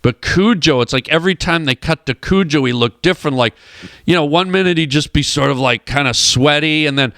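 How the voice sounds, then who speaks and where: Comedian guy on a radio show doing funny stories and voices, pretty high pitched, dry room. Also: fairly quick, a bit bright, dry recording. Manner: acts out the people in his anecdotes, rambling and comic. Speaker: comedian and actor guest. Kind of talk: animated storytelling on a radio show. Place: radio studio.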